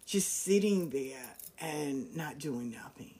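Her voice is low and slightly rough, and she speaks slowly as she recounts something that happened to her. The telling is casual, slangy and candid, with lively impressions of the people she quotes.

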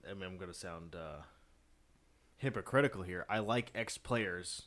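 A young man with a lowish voice co-hosting a sports podcast. He is blunt and opinionated, often stumbling and restarting mid-sentence. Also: normal speed, fairly bright tone. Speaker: podcast co-host. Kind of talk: casual chat.

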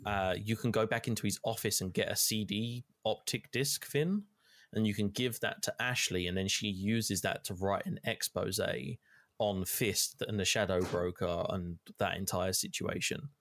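A man's voice: fairly low pitch, steady tone, moderate pace, fairly bright tone, no echo, clean studio sound. A young man casually recapping a video game, rambling with lots of fillers and casual swearing. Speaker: gamer recapping play. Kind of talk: casual chat.

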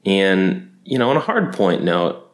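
A man hosting his own podcast, talking casually in an animated, rambling way with lots of fillers. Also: low-pitched, unhurried. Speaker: podcast host and co-founder. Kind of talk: casual solo podcast talk.

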